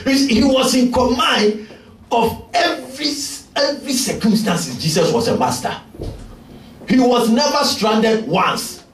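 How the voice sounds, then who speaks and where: Male pastor, high-pitched, shouting and emphatic sermon, recorded at a distance with faint noise. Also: animated, measured pace. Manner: emphatic, frequently shouting preaching. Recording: echoey church from far off.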